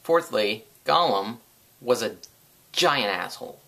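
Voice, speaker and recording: Brief: male vlogger, comedic rant, rambling and crude, bright timbre. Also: medium pitch, lively intonation, takes it slowly, creaky. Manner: sarcastic, profane, rambling.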